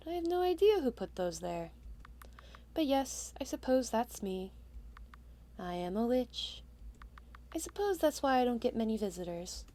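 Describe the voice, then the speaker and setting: A woman voicing a lonely, gentle witch who longs to be a mother again, speaking softly and tenderly. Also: a little high. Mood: amused. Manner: soft, tender, wistful. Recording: game music behind.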